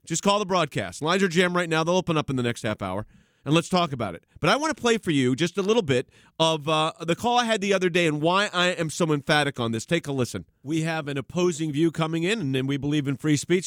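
Radio host guy, talks fast and emphatic, bit higher voice, dry booth. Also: expressive, a bit bright, no echo. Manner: emphatic, sarcastic. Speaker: radio talk show host. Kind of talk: talk radio with callers.

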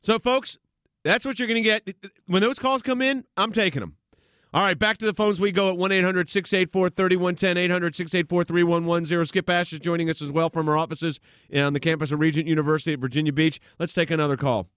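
A man's voice: high-pitched, fairly even intonation, fast, fairly bright tone, smooth, no echo, studio quality. A man hosting a talk radio show and taking callers, talking in an emphatic, sometimes sarcastic way.

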